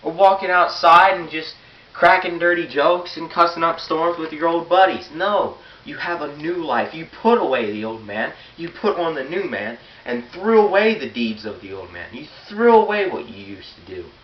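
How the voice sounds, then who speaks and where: A man's voice: fairly high pitch, animated, moderate pace. A teenage boy giving an earnest, blunt sermon and reading scripture aloud. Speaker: youth preacher. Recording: roomy, dull, hissy, far from the mic.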